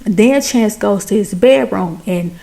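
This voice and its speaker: A woman's voice: mid-range voice, unhurried, creaky, dark tone. A woman giving a chatty, colloquial recap of a film, retelling scenes with drama. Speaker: film reviewer.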